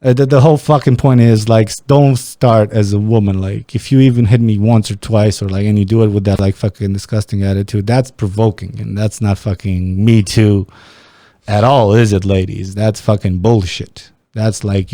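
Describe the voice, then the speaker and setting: A man hosting a podcast, talking in long, blunt, profanity-laced rambles. His voice sits low and dark, with a mellow tone. The sound is dry and close, with no room echo. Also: fairly even intonation, moderate pace. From Romania. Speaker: podcast host. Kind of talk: casual podcast chat. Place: small podcast studio.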